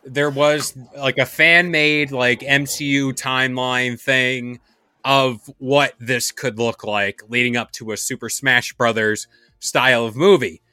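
A man co-hosting a casual podcast chat, relaxed, with many "like" fillers. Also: medium pitch, a little slow, smooth, no echo, studio quality. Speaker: podcast co-host.

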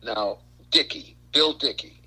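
An older man from Brooklyn, a guest on a radio talk show, telling animated stories and stumbling over repeated words. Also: medium pitch, takes it slowly, husky, low-quality recording. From Brooklyn, New York. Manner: animated storyteller, repeats words, acts out quotes. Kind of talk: casual radio chat.

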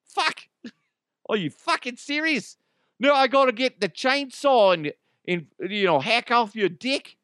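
A man's voice: very high voice, animated, unhurried, fairly bright tone, no echo, clean studio sound, pitched above the performer's own voice, exaggerated voice. A man voicing an exasperated, swearing Australian firefighter in a raised, incredulous voice. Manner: gruff, cursing, incredulous.

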